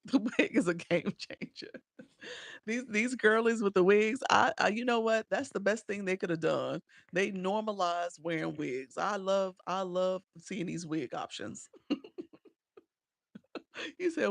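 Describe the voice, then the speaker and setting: A middle-aged woman talks casually to her live-stream viewers, reading their comments aloud and laughing often. Her voice has a gravelly, fry-touched edge. The sound is close and dry, with no room echo. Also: mid-range voice.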